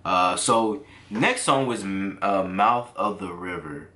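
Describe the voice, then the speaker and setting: A man giving casual reaction commentary on songs, easily excited and breaking into exclamations. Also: deep voice, slow pace. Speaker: music reaction reviewer.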